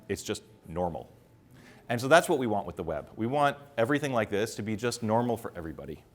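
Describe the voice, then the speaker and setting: A middle-aged man giving a conference talk to a live audience, talking fast with many fillers and restarts. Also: fairly low pitch. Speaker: conference speaker.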